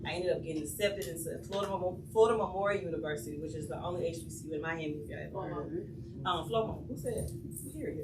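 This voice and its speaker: A woman on a panel telling a family story in a playful, animated way, acting out the quotes. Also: medium pitch, fast talker. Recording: echoey room from far off, noisy.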